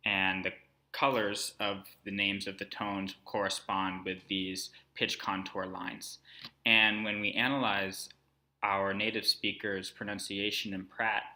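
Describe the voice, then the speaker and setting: A man with a low, bright voice talks through a screen-recorded tutorial. He explains calmly, one step at a time, as a language instructor would.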